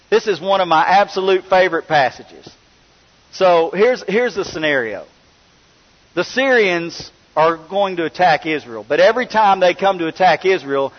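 A man delivers a sermon in a storytelling style, acting out the people in the story as he goes. His voice sits a little high for a man. The recording is muffled and lo-fi, with a long reverb trailing through a hall. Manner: storytelling, voicing characters with rising pitch. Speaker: preacher. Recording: long reverb, dull lo-fi sound.

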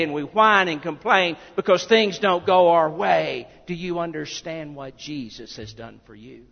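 A man preaching a sermon, swinging from loud declaring to hushed near-whispers. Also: high voice, lively intonation, measured pace, gravelly, few pauses, big-room sound, dull audio.

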